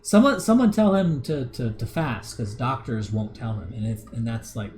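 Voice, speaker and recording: A man's voice: mid-range voice, animated, normal speed, a little mellow, a little hiss or hum. A man in his thirties hosting a casual livestream, reading viewer comments and rambling with many restarts and chuckles. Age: 30s. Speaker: livestream host.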